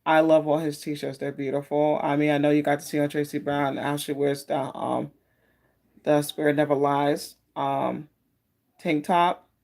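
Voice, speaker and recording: A tarot live-streamer speaks at normal speed in a low-pitched, level voice with vocal fry and a darkish tone. Friendly and casual, she rambles and meanders, greeting viewers by name.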